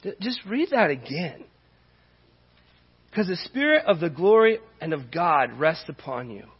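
Pastor guy preaching, high-ish husky voice, echoey hall, kinda muffled sound. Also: big pitch swings, a little slow. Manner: impassioned, rising to emphatic peaks, conversational asides. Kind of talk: sermon. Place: church sanctuary. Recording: dull reverberant church hall.

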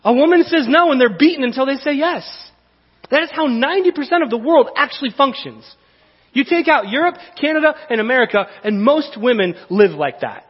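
Husky high-voiced male preacher. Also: brisk, in a large hall, dull audio. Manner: conversational, animated preaching with repetitions. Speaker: pastor. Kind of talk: sermon.

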